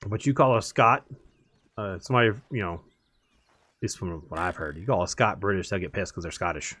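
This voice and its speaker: A man's voice: low voice, moderate pace, fairly bright tone, dry recording. A man chatting casually while streaming a game, rambling and laughing easily. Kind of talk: casual chat while gaming.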